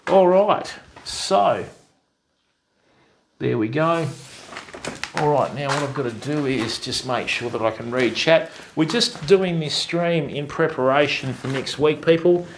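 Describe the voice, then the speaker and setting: An Australian man hosting a relaxed fishing live stream speaks in a fairly high, unhurried voice, with a little hiss or hum in the audio. He greets viewers by name in a friendly manner and calls them mate and bud.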